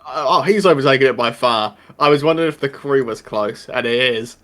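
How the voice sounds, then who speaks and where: A man's voice: mid-range voice, fairly quick, fairly bright tone. A young man co-hosting a casual podcast, dropping short dry remarks. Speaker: podcast co-host.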